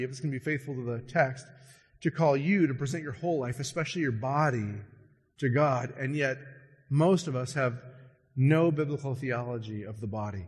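A male pastor preaches with animated emphasis, slowing right down on stressed words and rushing through quick asides. His voice sits a little high and sounds slightly husky, carried in the long reverb of a large hall. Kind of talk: sermon.

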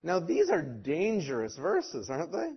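A man's voice: a little high, huge pitch swings, a little slow, breathy edge. A man preaching a sermon, emphatic and rhetorical, slipping briefly into mocking voices of the people he quotes. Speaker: pastor. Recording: dull lo-fi sound.

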